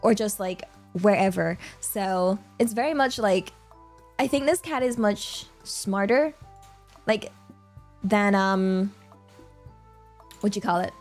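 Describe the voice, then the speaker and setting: A woman's voice: medium pitch, slow, pauses often, a little mellow, soft background music. A young woman with a British accent chatting casually on a livestream, rambling with lots of filler words and laughter. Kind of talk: casual stream chat.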